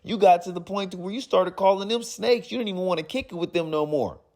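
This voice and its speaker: A young adult man, giving comedic, mocking commentary while reading chat messages aloud in animated bursts. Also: high-pitched, fast talker. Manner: animated, mocking, rhyming riffs. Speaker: gaming commentator reading chats.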